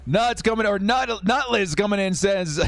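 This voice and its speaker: Exuberant high-voiced man hosting a watch party. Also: lively intonation, a little slow, gravelly. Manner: exuberant, shouting, reading donations aloud. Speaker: live stream host of a fan watch party. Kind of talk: excited live game commentary and chat reading.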